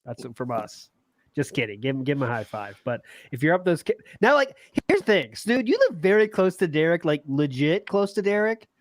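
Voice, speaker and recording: Podcast co-host, man, animated delivery, close and dry sound, crude and giggly. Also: a little high, a little fast, dry recording. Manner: laughing, crude joking. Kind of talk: casual podcast banter.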